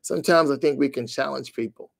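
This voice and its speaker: A man's voice: mid-range voice, quick pace, gravelly. A man speaking as a missionary leader in a conversation about ministry, emphatic and fond of repeating phrases for effect. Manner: energetic, emphatic repetition.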